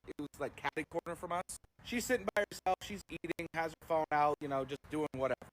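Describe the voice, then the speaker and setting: A middle-aged man casually telling a fast, profane story on a livestream, acting out the people in it. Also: high-pitched, fairly bright tone, slight background noise, low-quality recording. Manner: fast, profane, acts out quoted voices.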